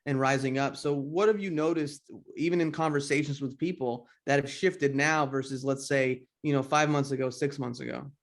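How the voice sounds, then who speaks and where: A man's voice: mid-range voice, steady tone, moderate pace, few pauses. A man hosting a podcast, chatting casually and bluntly, swearing freely. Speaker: podcast host.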